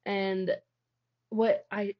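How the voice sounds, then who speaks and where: A woman's voice: medium pitch, level tone, extremely slow. A young woman, a guest on an interview show, tells a personal story in a casual, rambling way, filling her talk with "like". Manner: rambling, heavy use of "like". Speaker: guest, founder of a healing practice. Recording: dull lo-fi audio.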